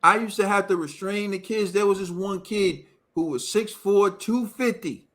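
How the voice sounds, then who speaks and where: A man with a high, bright voice rants about boxing on a talk show. His delivery is emphatic and repetitive, hammering points home with casual slang. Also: moderate pace. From United States. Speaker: boxing podcast host. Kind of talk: heated casual commentary.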